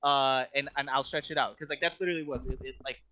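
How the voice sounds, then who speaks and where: Bright-voiced young man, rambling. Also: medium pitch, steady tone, very fast, slight background noise. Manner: rambling storyteller, constant "like" fillers and restarts. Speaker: podcast co-host. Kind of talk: casual chat.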